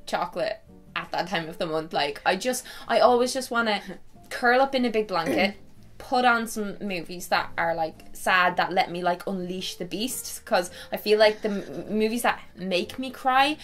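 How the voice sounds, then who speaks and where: A woman in her twenties with an Irish accent, chatting casually as a video host, animated and full of fillers. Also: mid-range voice, moderate pace, soft background music. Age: 20s. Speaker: YouTuber host. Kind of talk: casual chat.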